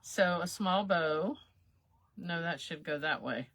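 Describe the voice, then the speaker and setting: Her voice fairly low and fairly bright, a woman talks slowly while crafting on a livestream, with no echo on the sound. She's folksy and chatty, chuckling at her own remarks as she works.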